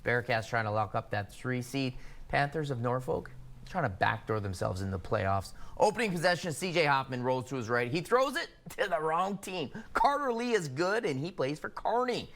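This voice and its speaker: A man co-anchoring a high school football highlights show, upbeat and full of sarcastic banter with his partner. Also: very animated, normal speed, fairly bright tone. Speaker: sports news co-anchor.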